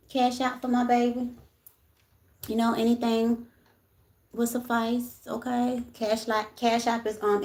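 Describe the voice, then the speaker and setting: A woman's voice: a little high, mellow. A young adult woman, chatting frankly on a livestream, swearing freely and often asking "you know what I'm saying". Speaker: livestream host. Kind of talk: casual livestream chat. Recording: echoey room.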